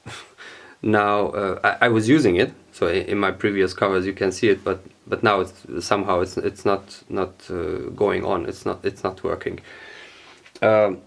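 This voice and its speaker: A man whose first language is German, casually showing his home studio gear, halting with many fillers and repeats as he searches for English words. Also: low voice, steady tone, gravelly.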